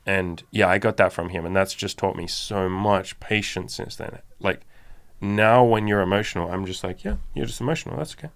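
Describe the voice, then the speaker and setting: A man's voice: sits low, level tone, moderate pace, fairly bright tone, clear, resonant tone. A man co-hosting a podcast, talking in a casual, candid and emphatic way, swearing freely. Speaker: podcast co-host. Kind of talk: casual chat.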